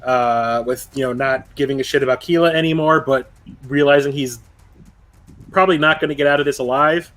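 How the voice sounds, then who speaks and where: A man narrating a tabletop game as game master, casual and quick to laugh, swearing freely as he describes the action. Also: medium pitch, fairly even intonation, a bit bright.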